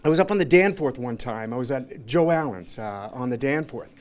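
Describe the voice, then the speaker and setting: A man's voice: mid-range voice, expressive, fairly quick. A man giving an informal memorial tribute at a restaurant gathering, rambling through anecdotes, acting out other people's lines, emotional and laughing between lines. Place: restaurant, gathering of friends and family.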